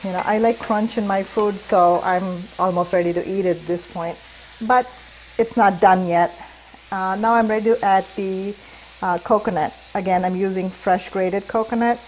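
A woman's voice: mid-range voice, normal speed, a little hiss or hum, low-quality recording. A woman hosting a cooking show, talking casually through a recipe with plenty of fillers. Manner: relaxed, chatty, many fillers. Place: kitchen.

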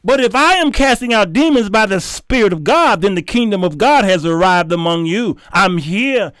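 A middle-aged man, hosting his show and telling a story in an animated, preachy way with sudden shouts. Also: high voice, moderate pace, few pauses, smooth, no room sound, clean studio sound. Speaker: show host. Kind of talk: storytelling commentary.

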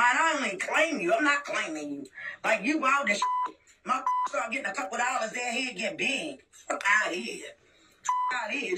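A woman's voice: a little high, distant mic, very noisy. A woman in a heated, profane rant scolding her sister, repeating herself and swearing. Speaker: sister ranting online. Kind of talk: angry recorded rant.

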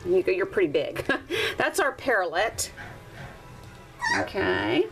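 A chatty woman narrates as she films a litter of puppies indoors with a handheld camera. Her voice sits at an ordinary middle pitch, relaxed and conversational, and she drifts into high, cooing baby talk when she speaks to the pups. Soft music plays faintly underneath. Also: slow, rough recording. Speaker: dog breeder. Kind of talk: casual narration while filming puppies. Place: indoors at a puppy litter area. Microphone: handheld camera, filming one-handed.

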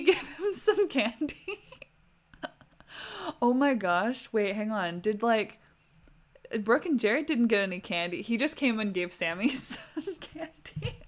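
A woman's voice: mid-range voice, a bit bright. A young adult woman giving casual, chatty commentary on a life-sim game during a livestream, often talking straight to her characters.

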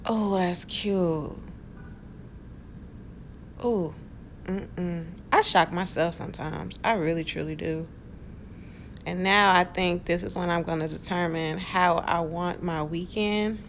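A woman's voice: lowish voice, steady tone, a little slow, creaky, slight background noise. A woman vlogger chatting in a casual voice-over, playful and rambling, talking straight to her viewers with self-amused asides. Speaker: planner vlogger.

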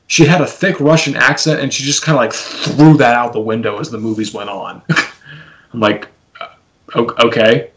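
A man's voice: medium pitch, steady tone, normal speed, a bit bright, poor audio. A man hosting a casual film podcast over a video call, rambling, laughing often and acting out what people say. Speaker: podcast host.

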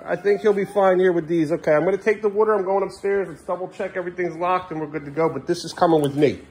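A tired father chatting casually with his young kids in the kitchen of the family home, weary and exasperated, sometimes raising his voice and often trailing off low and mumbly. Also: fairly even intonation, quick pace, darkish tone, husky. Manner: raises his voice at a defiant child.

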